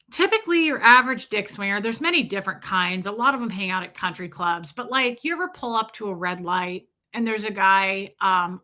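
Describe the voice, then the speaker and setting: A woman hosting a casual livestream, reading out viewer comments and telling stories in a profane, animated way. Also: medium pitch. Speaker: livestream host.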